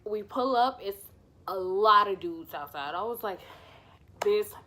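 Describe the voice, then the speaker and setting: Unhurried and mid-range in voice, a woman vlogger walks through a personal story casually and animatedly. She performs the dialogue and swears freely.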